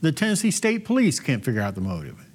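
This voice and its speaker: An agreeable male co-host whose voice sits slightly high, rises and falls with lively animation, and has a husky, breathy edge. He backs up the host and answers with pointed rhetorical questions. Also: fast. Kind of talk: talk show banter.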